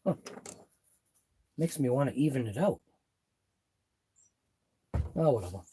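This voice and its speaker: A man's voice: mid-range voice, animated, a little slow, warm tone, slightly rough. A man hosting a live RC car workshop stream, thinking aloud as he wrenches in his garage. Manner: muttering thoughts aloud as he works. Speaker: RC hobby channel host.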